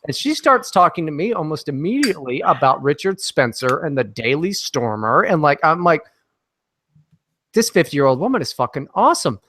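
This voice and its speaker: Man, guest on a chat show, brash and foul-mouthed, higher-pitched voice, dry close recording. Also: moderate pace, dry recording. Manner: brash, profane, animated anecdotes. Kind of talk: casual podcast chat, storytelling.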